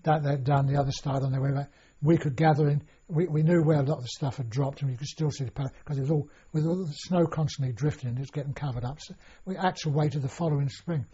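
A man's voice: fairly high pitch, steady tone, quick pace, few pauses, mellow, breathy edge. An older man recalling his past in an oral history interview, rambling with many restarts and fillers. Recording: dull lo-fi recording.

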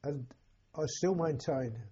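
An elderly man recalling his war years, halting and repeating words as emotion rises. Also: on the high side, warm tone, husky. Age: older. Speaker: war veteran interviewee. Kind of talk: personal recollection. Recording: dull lo-fi recording.

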